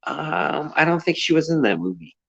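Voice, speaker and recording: Brief: male live-stream co-host over thirty, halting and unsure, muffled recording. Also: on the high side, sing-song, fairly bright tone. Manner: hesitant, stammers and restarts. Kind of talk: casual live-stream chat. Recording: dull, lo-fi sound.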